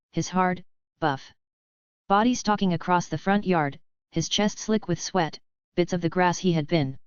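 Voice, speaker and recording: A woman narrating a romance audiobook in a measured, unhurried way, close to the mic on a slightly dull recording. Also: on the low side, clean tone, no room sound.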